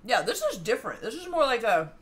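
A woman's voice: fairly high pitch, sing-song, quick pace. A woman co-hosting a home baking livestream, reading viewer comments aloud and laughing often as she chats. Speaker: cooking show co-host. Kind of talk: casual livestream chat.

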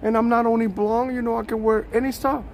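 A man putting on the high falsetto voice of a cheerful, vain young woman. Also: flat delivery, fast talker, slight background noise. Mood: playful.

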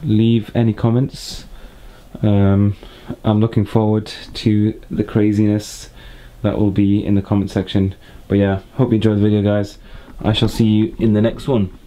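A young man talks easily to his viewers, drifting between thoughts with plenty of fillers. His voice sits fairly low, with a mellow, darker tone. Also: flat delivery, normal speed, slight background noise. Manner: chatty, laid-back, rambling with fillers. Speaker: motorcycle vlogger. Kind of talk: casual vlog chat to camera.

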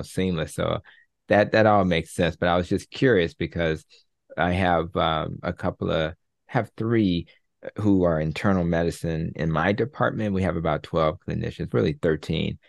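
Super deep gravelly guy hosting a podcast, rambly and friendly, dry sound. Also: no room sound. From United States. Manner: rambling, friendly, many fillers. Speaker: podcast host, physician. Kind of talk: casual interview chat.

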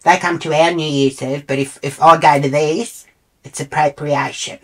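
A woman's voice: sits low, steady tone, normal speed. A middle-aged woman with an Australian accent telling a comic story in a brash, foul-mouthed, indignant way. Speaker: comedic storyteller. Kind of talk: comic monologue.

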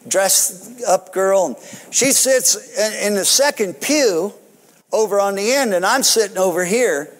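A pastor telling a story in a sermon, animated, often chuckling. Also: male voice, high-pitched. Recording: long hall reverb.

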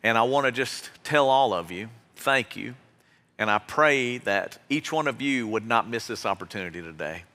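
A man's voice: medium pitch, lively intonation, moderate pace, sharp tone. A man preaching as pastor, giving an earnest, heartfelt exhortation to his congregation in a church. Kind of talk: sermon. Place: church sanctuary. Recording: long reverb of a large hall.

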